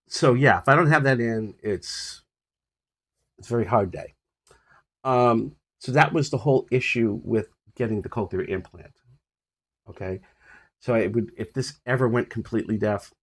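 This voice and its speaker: An older man with a husky voice casually rambling about his health on a phone recording, full of fillers and restarts. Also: on the low side, normal speed, a bit bright. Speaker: vlogger sharing his health journey. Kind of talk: casual personal update to camera.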